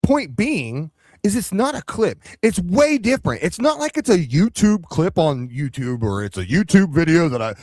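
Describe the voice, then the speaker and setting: A man's voice: sits high, wildly swooping pitch, a little slow, darkish tone, no room sound. A man hosting a live reaction stream, scolding and mocking the person he reacts to in a heated, sarcastic way. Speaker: commentary channel host.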